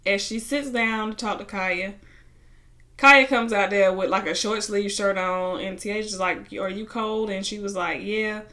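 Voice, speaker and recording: A young woman casually recapping a reality show, retelling scenes and acting out what people said. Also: mid-range voice. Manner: animated retelling, acting out quotes, bursts of laughter.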